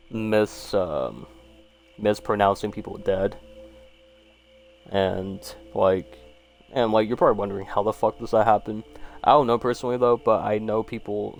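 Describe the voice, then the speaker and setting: A man's voice: on the low side, darkish tone, a little hiss or hum. A man casually reading short horror stories aloud and rambling about each one, with lots of fillers and swearing. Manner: rambling, laid-back, swears, frequent fillers.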